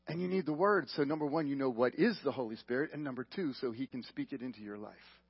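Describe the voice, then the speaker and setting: A man preaching a sermon, emphatic, swinging from loud questions to hushed, quiet lines. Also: on the high side, brisk, breathy edge. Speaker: pastor. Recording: dull lo-fi broadcast audio.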